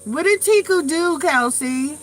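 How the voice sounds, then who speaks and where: Over soft background music, a middle-aged New York woman hosts a live tarot stream in a high, expressive voice, speaking a little slowly. Her chat is loose and casual, with blunt, profane storytelling that repeats itself.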